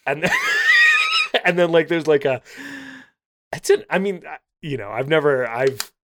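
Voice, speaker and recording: A man in his thirties co-hosting a relaxed tabletop-game podcast. His pitch swings widely as he talks, and he laughs easily and jumps into loud mock announcements. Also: moderate pace, a little hiss or hum. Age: 30s. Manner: animated, laughs often, bursts into loud play-acting. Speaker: podcast co-host. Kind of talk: casual chat about tabletop games.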